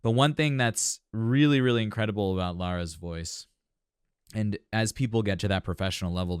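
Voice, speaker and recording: A male vocal coach talks through a singer's technique with a low, smooth, resonant voice. He explains registers step by step, thinking aloud as he goes. The sound is close and dry, with no room behind it. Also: dry recording. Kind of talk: music reaction commentary.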